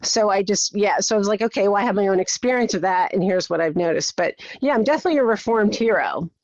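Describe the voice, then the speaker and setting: A middle-aged woman, a podcast guest, tells her story with energy in a conversational interview, acting out her own thoughts. Her medium-pitched voice is animated, fast, and a little mellow, with no echo, though the audio is slightly dull and muffled.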